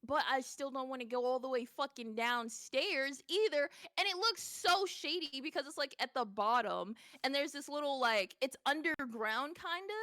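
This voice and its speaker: A young woman in her twenties telling stories in casual chat as a streamer, animated, laughing often and swearing freely. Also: sits high, moderate pace, few pauses, no room sound, studio quality.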